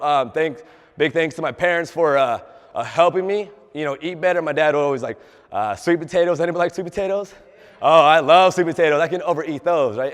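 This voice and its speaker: Young man, fitness trainer, chatty talk to a group, quizzes the audience, fairly high voice, long hall reverb. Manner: chatty, asks the audience questions, acts out quoted dialogue. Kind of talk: motivational talk to a live group.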